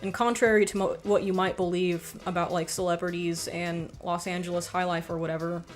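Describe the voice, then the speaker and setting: A young American woman livestreaming in a casual chat, rambling and animated, swearing often and reading out viewer comments. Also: fairly low pitch, a little fast, soft background music. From United States.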